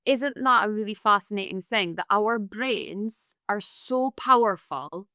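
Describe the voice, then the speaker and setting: A woman with a Scottish accent, a guest on a podcast, talking frankly and chattily and quick to laugh. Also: mid-range voice, sharp tone, no echo, studio quality. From Scotland. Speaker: podcast guest, TEDx speaker. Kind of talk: casual interview chat.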